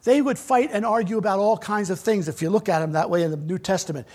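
A middle-aged male pastor preaching an earnest sermon in a church. His voice sits high and has a husky edge. He swings from loud, raised lines to hushed, almost whispered ones. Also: fast talker.

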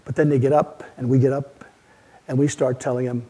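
A man preaching a sermon in a church, earnest and emphatic, rising to peaks and dropping low. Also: little pitch movement, a little fast, breathy edge. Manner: earnest, building to emphatic peaks, then hushed. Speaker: pastor.

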